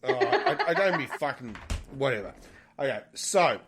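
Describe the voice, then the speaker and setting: A man's voice: medium pitch, lively intonation, moderate pace, background noise. Guy cohosting a podcast, stammers a lot, cusses, keeps cutting in. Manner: stammering, swearing, interrupting. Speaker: podcast co-host. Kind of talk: casual chat.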